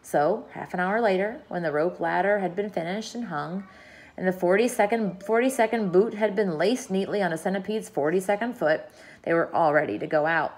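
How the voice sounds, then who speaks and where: A woman reading a children's book aloud in an expressive, lively storytelling manner. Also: medium pitch, brisk, poor audio.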